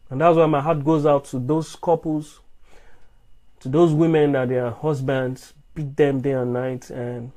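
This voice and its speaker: Man preaching, slightly high voice, emphatic rhetorical questions, repeats and restarts words. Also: dark tone. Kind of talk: live-streamed sermon answering comments.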